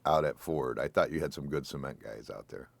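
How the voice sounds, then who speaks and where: Very deep-voiced man chiming in. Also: fairly quick, gravelly, no echo. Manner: questioning, chiming in with short replies. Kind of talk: casual bar chat.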